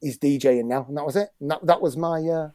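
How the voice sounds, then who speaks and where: A man's voice: a little high, fast talker, warm tone, dry recording, studio quality. A middle-aged English man telling a football story in casual chat, swearing often and stumbling over his words. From England. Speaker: guest, former footballer and musician.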